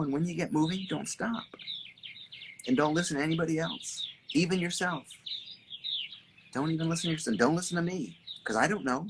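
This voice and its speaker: A man hosting a casual live stream outdoors, reading viewer comments, greeting people by name and talking in an animated, repetitive way with some swearing. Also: on the high side, background noise. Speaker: artist and creative coach hosting a live stream. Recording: birds chirping clearly in the background.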